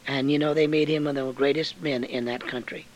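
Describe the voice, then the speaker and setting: An older man preaching a sermon in folksy, homespun phrasing, swinging from low, quiet stretches to loud, high-pitched bursts. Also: fairly even intonation, fairly quick, low-quality recording.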